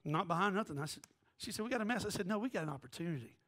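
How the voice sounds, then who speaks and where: A pastor from the American South preaches a sermon in a high-pitched, rapid-fire voice. He tells a story full of jokes, animatedly jumping between the voices of the people he quotes.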